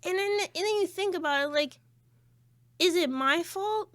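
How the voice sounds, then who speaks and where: A woman co-hosting a podcast in casual chat, venting about parenting while laughing and tearing up, swinging from loud to low. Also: normal speed, no echo, studio quality. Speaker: podcast co-host.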